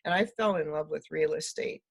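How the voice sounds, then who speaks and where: An older woman speaks as an interview guest, with a gravelly rasp in her voice. She is lively and laughs often. She acts out the quoted dialogue in her stories. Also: low voice, moderate pace. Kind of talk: storytelling conversation.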